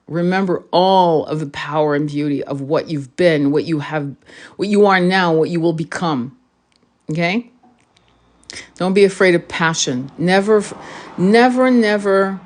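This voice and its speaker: A woman with a lowish voice talks straight to her viewers in a casual spiritual monologue. Her delivery is passionate and emphatic, and she swears bluntly and hammers home key phrases by repeating them. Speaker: spiritual reader and vlogger.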